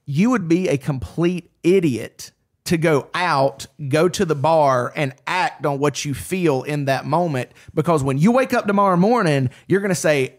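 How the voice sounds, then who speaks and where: A man, a pastor, talking through faith in a casual podcast chat, earnest and animated, often restarting his sentences. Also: fairly high pitch, moderate pace.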